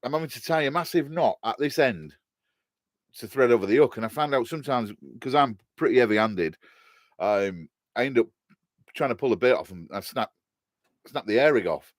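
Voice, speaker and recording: A man's voice: mid-range voice, lively intonation, moderate pace, no room sound, studio quality. Chatty Hull man chatting on a live stream. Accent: Hull, East Yorkshire. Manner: chatty and jokey, laughs often, rambling with restarts. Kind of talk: casual live-stream chat, answering viewer comments.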